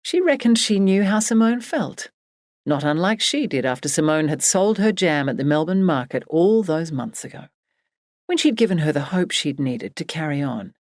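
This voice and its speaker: A woman narrating an audiobook in a measured, expressive reading. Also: low-pitched, dry recording, clean studio sound. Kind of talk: scripted narration.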